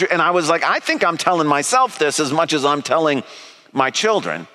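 A man's voice: fairly high pitch, expressive, moderate pace, pushed and bright. A man giving a sermon in a conversational, storytelling way, earnest and direct. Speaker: preacher. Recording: long reverb of a hall.

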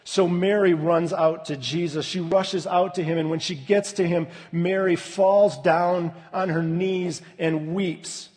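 A man preaching a sermon in an unhurried, deliberate way, his fairly high voice dropping to a hush at tender moments. The sound carries the long reverb of a large hall, as if recorded in a church. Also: steady tone. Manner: slow, measured preaching with soft, hushed dips. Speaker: pastor.

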